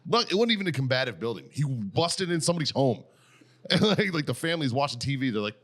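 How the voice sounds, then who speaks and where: A man's voice: mid-range voice, sing-song, fairly quick, fairly bright tone. A middle-aged American man telling profane stories in casual podcast chat, laughing often as he goes. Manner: profane, storytelling, laughs a lot. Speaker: podcast host.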